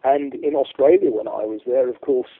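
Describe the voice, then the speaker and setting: A man's voice: medium pitch, moderate pace, vocal fry, husky. A man, a guest shooting expert, chatting in a rambling way with many fillers in an interview. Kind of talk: casual interview storytelling. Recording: tinny phone-like line.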